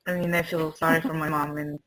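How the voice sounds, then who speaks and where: Casting: earnest woman host, lowish voice, emotional and warm-hearted chat. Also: little pitch movement, fast talker, low-quality recording. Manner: earnest, emotional, laughs between sentences. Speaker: summit host. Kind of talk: casual interview chat.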